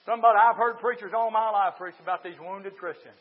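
High-voiced preacher. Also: male voice, steady tone, fast, lo-fi sound. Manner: swings from shouting to quiet confiding. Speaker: pastor. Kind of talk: sermon. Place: church.

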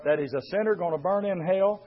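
A man's voice: sits high, fairly quick. A man preaching a fervent, rhythmic sermon and calling out to his congregation. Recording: dull lo-fi sermon recording.

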